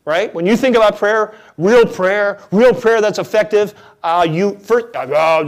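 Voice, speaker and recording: A man preaching a conversational, jokey sermon as a pastor, his delivery dropping to a hush and then rising loud. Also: sits high, unhurried, few pauses. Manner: conversational, jokey, swings between hushed and loud.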